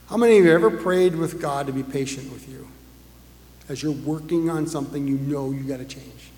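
A man's voice: fairly high pitch, brisk, darkish tone. A man preaching a sermon as a pastor, talking conversationally and putting rhetorical questions to the congregation. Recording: echoey hall with long reverb.

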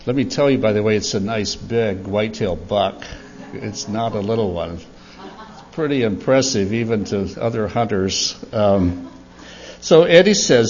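An older man with a husky voice tells a church story for children, unhurried and chuckling. His pitch rises and falls with lively animation. The recording sounds dull and lo-fi. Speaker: church speaker.

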